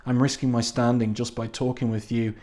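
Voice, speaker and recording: A man reading aloud the lines of a gruff lawyer who is cold and dismissive, mostly in his own voice. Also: mid-range voice, flat delivery, a little fast, mellow, lightly acted. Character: gruff older male lawyer with an odd accent.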